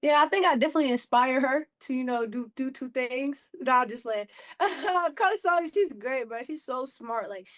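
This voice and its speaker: A woman in her twenties, a rookie basketball player, answering interview questions in a casual, slangy, animated way. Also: high-pitched, moderate pace, no room sound, studio quality. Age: 20s. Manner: lively, laughing, slangy, lots of "you know what I'm saying".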